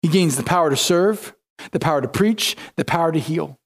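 High-voiced man preaching conversationally. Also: animated, a little fast. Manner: conversational storytelling, retelling scripture in casual modern speech. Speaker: pastor. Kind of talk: sermon.

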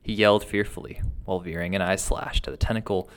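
A man reading a first-person ghost tale aloud in a steady, dramatic storytelling manner. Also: low voice, fast talker, clean tone. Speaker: narrator.

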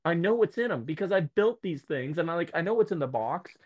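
A man speaking as a guest on a casual podcast, ranting in an animated way and acting out the voices of the people he quotes. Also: fairly high pitch, a little fast. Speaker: guest, electric motor repair specialist.

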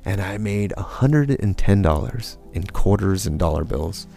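A man with a low, gravelly voice tells a rambling personal story with plenty of swearing and fillers. He breaks into raised, mocking voices to act out what people said. Faint music plays quietly behind him. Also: expressive, unhurried. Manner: profane, rambling, with lots of fillers; acts out quotes in a raised, mocking voice.

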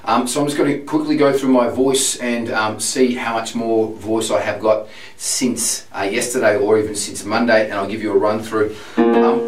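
A man with laryngitis, a singing teacher talking through his vocal warm-ups with a husky, strained voice. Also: steady tone, normal speed. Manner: talks through exercises, testing falsetto with sung sirens. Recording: echoey room, far from mic, loud piano.

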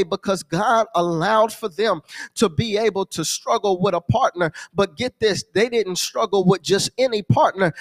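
A male pastor preaching a sermon, repeating phrases and answering imagined questions from the congregation. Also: sits high. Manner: repetitive preaching cadence with call-and-response asides.

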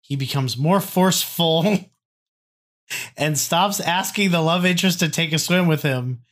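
A man's voice: a little high, unhurried, fairly bright tone. A man co-hosting a casual podcast, reading song annotations aloud in a mocking, sarcastic way. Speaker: podcast co-host.

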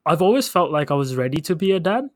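A man's voice: a little high, sing-song, fast talker, dry recording, studio quality. A man with an Indian accent co-hosting a casual podcast, earnest and reflective, a little hesitant. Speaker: podcast co-host.

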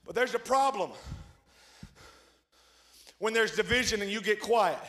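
A man preaching a revival sermon, swinging from hushed, rhythmic lines to loud shouted peaks, with joking asides to his congregation. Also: high-pitched, a little slow. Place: large church hall. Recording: echoey church hall.

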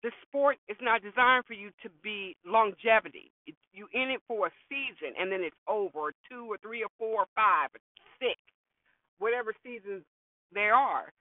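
A woman's voice: medium pitch, animated, moderate pace, no room sound. Blunt, cussing woman on a tinny line. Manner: blunt, profane, emphatic. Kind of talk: opinionated commentary. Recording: tinny phone-like sound, dry.

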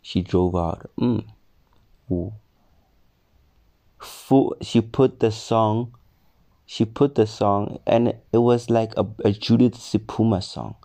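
A man's voice: lowish voice, slow pace, vocal fry, long pauses. A young man casually telling a personal story on his vlog, swearing and acting out the people in it. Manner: swearing, animated retelling with quoted voices. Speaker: storyteller vlogger.

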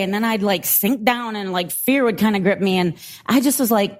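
A middle-aged woman preaching a sermon and telling a story in an animated, laughing way. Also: fairly high pitch, moderate pace. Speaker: pastor.

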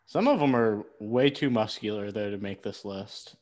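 A man's voice: on the low side, normal speed, darkish tone. A man co-hosting a casual podcast chat, cutting in with jokes and teasing his friend. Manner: teasing, joking, cuts in. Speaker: podcast co-host.

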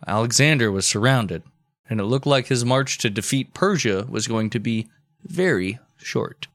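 Podcast co-host, man, deadpan comic history narrator, dry close mic. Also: medium pitch, moderate pace, no room sound.

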